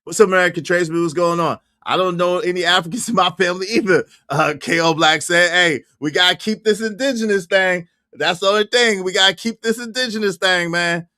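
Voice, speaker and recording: An excitable man hosting a reaction livestream, laughing and repeating himself as he talks to his chat. His voice is bright and forceful, and the sound is close and dry with no room around it. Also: high voice, a little fast, hardly any pauses, no room sound. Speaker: livestream host.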